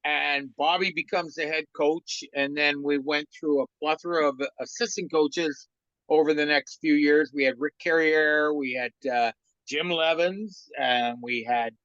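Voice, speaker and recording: A man in his sixties, once a hockey trainer and now a comedian, spins a long anecdote as a guest on a podcast interview. His voice is fairly high and a little slow, and he lively acts out the quoted lines of the people in his story. The recording is dry and slightly muffled, with no echo.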